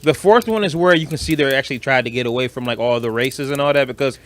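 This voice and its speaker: A man with a Detroit accent, co-hosting a podcast in casual chat, blunt and animated, swearing freely. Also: medium pitch, fast talker. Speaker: podcast co-host.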